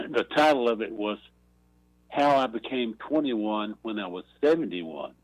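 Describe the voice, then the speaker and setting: A man calling a talk radio show and slowly telling a long joke, clearing his throat along the way. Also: fairly low pitch, animated, no echo, low-quality recording. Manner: slow rambling storyteller, clears throat. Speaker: caller.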